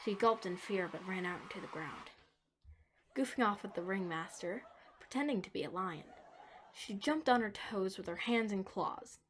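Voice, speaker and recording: Woman narrator, mid pitch, dramatic whispers, faint background hiss. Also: moderate pace. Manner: dramatic, shifting between whispers and emphasis. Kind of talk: storytelling narration.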